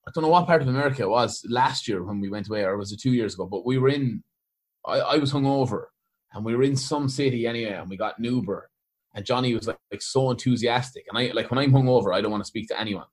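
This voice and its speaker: Irish guy rattling off stories quick, swears a lot. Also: medium pitch, husky. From Ireland. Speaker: comedian guest. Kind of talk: casual chat.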